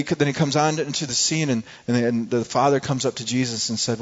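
A man's voice: mid-range voice, brisk, few pauses. Earnest preacher man, dull lo-fi sound. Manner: earnest, repeats words while searching for them. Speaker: pastor. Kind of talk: sermon. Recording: dull lo-fi recording.

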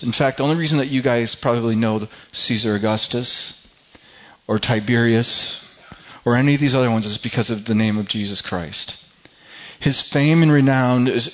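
A middle-aged pastor delivers a sermon at a mid-range pitch, stumbling and repeating words before pushing into emphatic, rising runs. The recording sounds a little dull and muffled. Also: male voice. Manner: halting, repeats words while building to emphatic peaks.

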